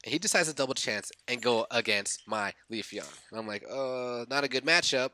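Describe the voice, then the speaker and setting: A young man giving casual commentary over his own game, excitably reliving his reactions and thinking aloud as he corrects himself. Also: mid-range voice, a little fast. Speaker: gaming YouTuber.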